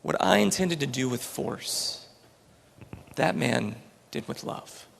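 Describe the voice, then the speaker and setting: A man doing a hushed, resolute young student. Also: medium pitch, lively intonation, slow, vocal fry, long reverb tail, heavily acted. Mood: reflective. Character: young American martial arts student.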